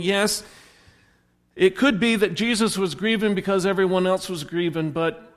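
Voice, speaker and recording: A man preaching a sermon as a pastor, retelling a story and acting out the characters' lines. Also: sits high. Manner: storytelling, voicing the characters in quotes. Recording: long hall reverb.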